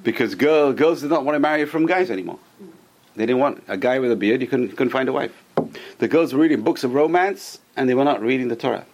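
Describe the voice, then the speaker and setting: A man's voice: mid-range voice, fast talker, a little mellow. A man teaching a Torah class to a small group, telling stories with animation and putting questions to his listeners.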